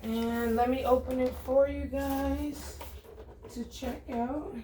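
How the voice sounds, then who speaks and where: A woman's voice: sits high, little pitch movement, slow pace, background noise. A woman talking casually to viewers while unboxing, chatty and informal, calling them guys and y'all. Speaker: vlogger.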